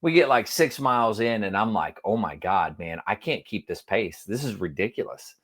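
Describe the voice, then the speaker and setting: A man telling a long funny story in casual chat as a podcast co-host, acting out quotes with sudden jumps in voice. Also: moderate pace. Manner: animated, acts out quotes with big pitch jumps.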